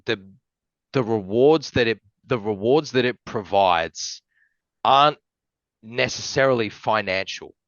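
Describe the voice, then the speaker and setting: Aussie-raised guy rambling on a podcast, lots of likes and you-knows, lowish voice, kinda muffled. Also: measured pace, a bit bright, no echo. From Australia. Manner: rambling, heavy fillers, swears, emotional. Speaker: podcast guest. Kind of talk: casual chat.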